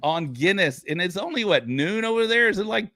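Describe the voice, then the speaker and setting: A man's voice: high-pitched, animated, brisk, sharp tone. A man hosting a casual live stream, laid back, laughing often and reading out viewer questions. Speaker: show host.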